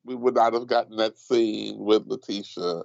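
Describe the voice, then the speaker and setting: Gravelly-voiced man co-hosting a podcast. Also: lowish voice, normal speed, darkish tone, no room sound. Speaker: podcast co-host leading the segment. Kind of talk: casual TV recap chat. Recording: dull, dry lo-fi sound.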